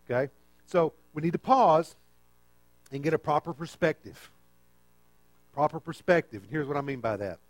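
A man's voice: a little high, lively intonation, normal speed, long pauses, no echo. A man preaching a conversational sermon and often checking in with the listeners.

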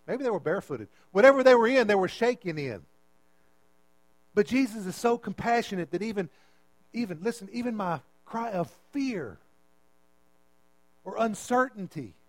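A man's voice: high voice, no room sound, poor audio. A man preaching a sermon as pastor, emphatic and repeating his phrases as he calls out to the congregation.

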